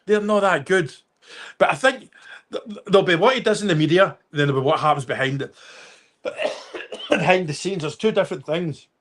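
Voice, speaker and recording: A man's voice: sits high, normal speed, a bit bright. A Scottish man hosting a casual livestream, rambling and swearing as he reads out viewer comments. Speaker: livestream host.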